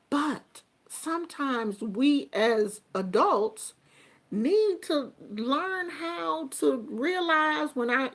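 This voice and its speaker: An older woman, a grandmother, talking earnestly and reflectively about family and communication in a casual monologue. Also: high voice. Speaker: vlogger giving life advice.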